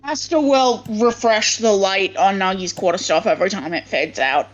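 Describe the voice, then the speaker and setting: A woman's voice: mid-range voice, normal speed, slight background noise. A woman playing a tabletop game, curious and asking questions, over a dull lo-fi mic. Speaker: player. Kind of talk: casual tabletop play.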